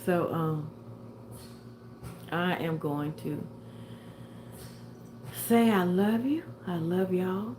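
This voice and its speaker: Slow-talking woman, a bit winded. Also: lowish voice, background noise. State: a little winded, tired. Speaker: livestream host. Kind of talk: casual livestream chat with viewers.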